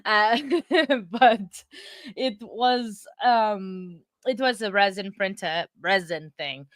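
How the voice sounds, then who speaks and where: Woman livestream host, chatty and giggly, dry close sound, middling pitch. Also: takes it slowly, no room sound. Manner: chatty, laughs often, rambling. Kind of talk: casual livestream chat. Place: home.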